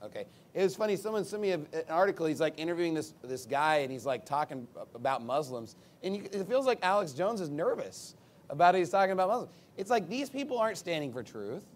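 Forceful combative male preacher, fairly high voice. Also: sing-song, fast talker. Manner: emphatic, combative, sarcastic asides; big swings in pitch and loudness. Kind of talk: sermon.

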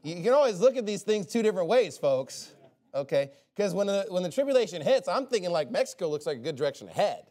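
A preacher giving a loose, off-the-cuff sermon, his voice pitched a little high for a man. He talks in a sarcastic, rambling way and keeps slipping in joking asides. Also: big pitch swings, fast, darkish tone. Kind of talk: informal sermon.

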